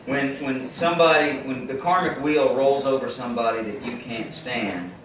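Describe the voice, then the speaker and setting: A singer-songwriter chats casually between songs during a live set, his medium-pitched voice at a moderate pace as he wanders through a story and keeps restarting his sentences. Background noise, loud guitar, room echo and mic distance mark the recording.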